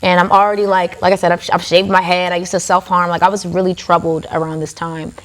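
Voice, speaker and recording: A woman's voice: lowish voice, level tone, fast talker. A woman guest on a podcast, telling a story in a casual, chatty way and leaning on "like" as filler. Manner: chatty, filler-heavy with frequent "like". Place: tattoo studio podcast set.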